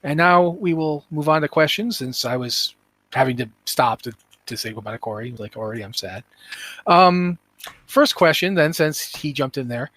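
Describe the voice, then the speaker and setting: Animated man hosting a podcast. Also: fairly high pitch, moderate pace. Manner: animated, rambling, self-interrupting. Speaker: podcast host. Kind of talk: casual podcast chat.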